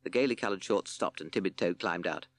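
A man narrating a children's storybook with expressive, playful storytelling. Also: low voice, fairly quick.

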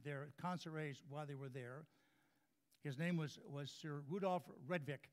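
A man preaching as a guest speaker to a congregation, telling a joke story in a folksy way and often repeating his words. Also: a little high. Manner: folksy storyteller, repeats and restarts words, chuckles at own jokes. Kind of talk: sermon with a humorous story. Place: church before a congregation.

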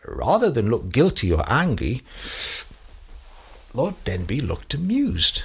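A man with an English accent reading a detective story in an even, measured way. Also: mid-range voice, gravelly, slightly rough. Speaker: narrator. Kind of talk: storybook narration.

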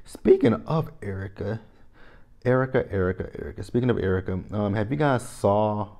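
A man giving a casual, animated reality TV review, repeating phrases for effect. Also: lowish voice, normal speed. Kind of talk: casual commentary.

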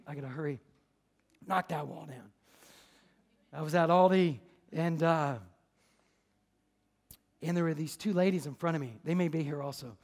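A man preaching as a pastor, telling a story in a lively, conversational, jokey way. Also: fairly high pitch. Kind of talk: sermon with storytelling. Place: church service.

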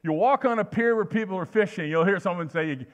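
A man's voice: sits high, fast talker, highs cut off. An older man preaching a sermon in a folksy, anecdotal way, telling stories with frequent restarts.

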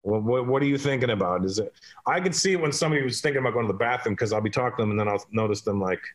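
A comedian from Canada, a man, chatting casually as a guest and telling animated stories with frequent laughs. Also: mid-range voice, racing. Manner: animated storytelling, laughing often. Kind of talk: casual chat.

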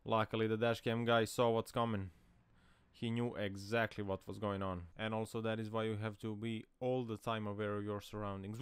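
A man commenting on dashcam clips in a casual, mocking way, laughing often and shouting out now and then. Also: fairly low pitch, little pitch movement, moderate pace, clean tone, dry recording. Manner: mocking, laughs often, sudden loud exclamations.

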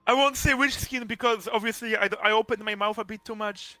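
High bright-voiced hyped male caster. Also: steady tone, fairly quick, no room sound, faint music behind. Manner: shouts big hype calls, then drops to tired casual talk. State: hoarse, voice worn from screaming. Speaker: esports caster and streamer. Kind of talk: hyped esports draft and game commentary.

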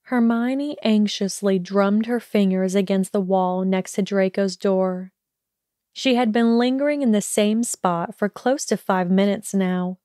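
A woman narrating a fan-fiction audiobook in a slow, even storytelling manner. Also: medium pitch, no room sound, studio quality. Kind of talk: scripted narration.

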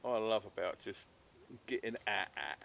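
A man's voice: on the low side, lively intonation, normal speed, creaky, fairly bright tone. A British man hosting an outdoors channel, chatting casually and laughing while relaxing in a hammock in the woods. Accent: British English. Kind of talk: casual chat to camera.

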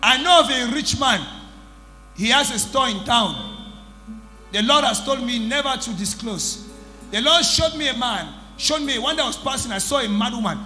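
A man with a very high, bright voice preaches to his congregation, exclaiming and firing questions at them. He is recorded in a church hall with a long echo, and faint music plays underneath. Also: animated, moderate pace, a little hiss or hum. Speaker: prophet leading a church service. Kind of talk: sermon with deliverance testimony.

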